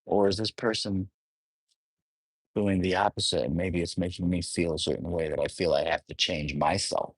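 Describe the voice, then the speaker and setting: A man's voice: sits low, steady tone, normal speed, slightly rough, no echo. A man talking on his own without a script, musing aloud, often rephrasing and trailing off mid-thought, and asking the listener reflective questions. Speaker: astrologer. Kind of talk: unscripted solo monologue.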